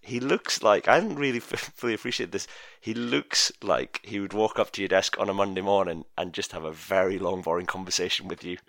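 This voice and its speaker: Teasing man, bright forceful voice, casual chat. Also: low voice, a little fast, hardly any pauses, no room sound. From Scotland. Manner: teasing, rambling with fillers. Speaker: podcast host.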